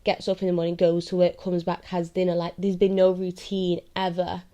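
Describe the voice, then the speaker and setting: A young woman talks straight to her audience in a loose, confessional ramble. Her voice sits a touch low and sounds warm and mellow. She keeps circling back to ask whether you get what she means. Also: monotone, a little fast. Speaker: vlogger. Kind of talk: candid confessional monologue.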